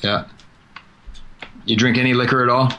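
A man's voice: medium pitch, little pitch movement, pushed and bright, a little hiss or hum. Chatty man telling stories. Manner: storytelling, chatty, drawn-out words. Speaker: podcast host. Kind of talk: casual chat.

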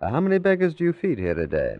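A man's voice: on the high side, huge pitch swings, quick pace, no echo. An actor playing a polite, probing male detective in 1940s radio acting style. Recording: dull old radio recording.

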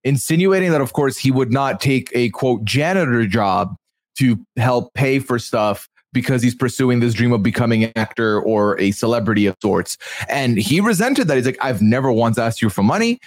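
A man hosting a casual TV recap chat, animated and incredulous as he goes over the episode. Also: normal speed, no echo, studio quality. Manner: animated, incredulous, sometimes jumps high in pitch. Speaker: podcast host.

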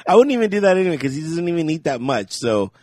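A man's voice: on the high side, big pitch swings, fast, a little mellow, no echo, clean studio sound. Chatty man telling rambling stories. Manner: rambling storyteller, laughs often, acts out quotes. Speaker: podcast co-host. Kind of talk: casual chat.

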